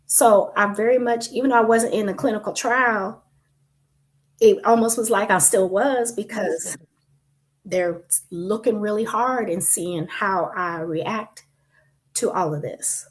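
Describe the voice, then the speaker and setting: A woman's voice: mid-range voice, a little slow. Woman, patient guest, casual panel talk, chatty storytelling. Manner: lively storytelling, chatty asides. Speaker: patient guest sharing her experience.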